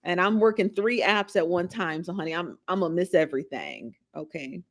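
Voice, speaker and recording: A chatty woman hosts a casual livestream, laughing and teasing her chat. Her voice sits on the low side, expressive and brisk.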